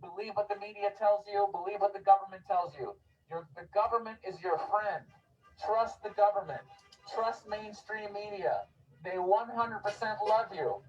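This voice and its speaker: High-voiced sarcastic man on the street. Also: moderate pace, muffled recording. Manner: deadpan sarcastic, repetitive exhortations. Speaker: street comedian. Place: outdoors on a city street. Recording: distant outdoor street recording.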